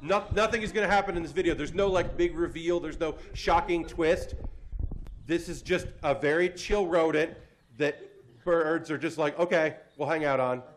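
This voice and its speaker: A fairly high-voiced man hosts a live comedy panel at a convention. He talks in an animated, laughing, self-deprecating way into a stage mic. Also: moderate pace. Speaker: host. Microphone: handheld or stand mic.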